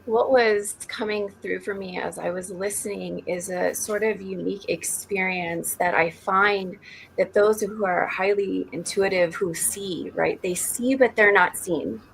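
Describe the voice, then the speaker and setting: A woman's voice: medium pitch, steady tone, unhurried, vocal fry, a little hiss or hum, rough recording. A woman panelist who works as an intuitive healer, speaking in a flowing, earnest way with spiritual phrasing. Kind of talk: reflective podcast discussion.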